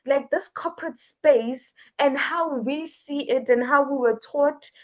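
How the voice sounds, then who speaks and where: A woman's voice: sits high, unhurried, dull audio. A woman hosting a podcast interview, asking earnest, searching questions in a casual chat. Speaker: podcast host.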